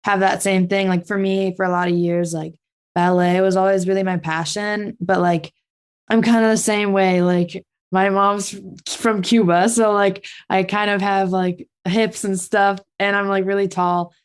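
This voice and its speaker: A woman's voice: medium pitch, flat delivery, normal speed, smooth. Hesitant young woman asking a question. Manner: hesitant, full of "like" fillers. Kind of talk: casual interview question.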